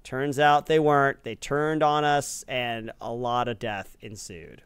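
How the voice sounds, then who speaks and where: A man co-hosting a casual podcast, enthusiastic and quick to laugh, speaking into a close mic. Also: mid-range voice, steady tone, clean tone, dry recording. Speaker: co-host.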